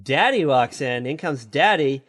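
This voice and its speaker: A podcast co-host casually recaps a TV episode, acting out the characters' lines as he goes. His medium-pitched voice is expressive, unhurried, and fairly bright, captured in clean studio sound with no room echo.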